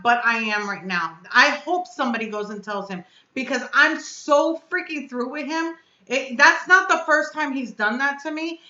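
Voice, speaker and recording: Upset woman on her stream, high bright voice, venting and cussing, echoey room. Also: highs cut off. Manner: upset, blunt, venting and cursing. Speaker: vape reviewer and channel host. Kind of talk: live stream chat.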